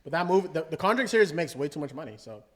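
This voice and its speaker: A man in loose podcast chatter who rattles his words out quickly. His voice sits a little high. He jumps in eagerly with questions. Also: animated, a bit bright. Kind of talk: casual podcast banter.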